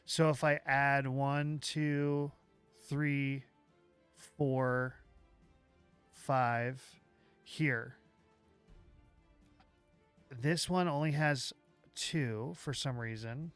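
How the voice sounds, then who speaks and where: Smooth-voiced man thinking aloud on stream. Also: medium pitch, fairly even intonation, a bit bright, soft background music. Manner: thinking aloud, halting with restarts; chats with viewers while working. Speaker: livestream host. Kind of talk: live software walkthrough.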